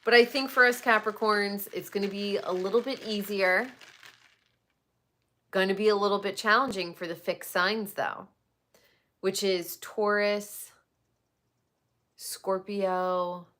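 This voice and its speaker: A woman in her forties hosting a casual celebrity gossip talk, blunt and swearing freely, with animated outbursts. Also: medium pitch, slow pace, pauses often. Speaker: podcast host.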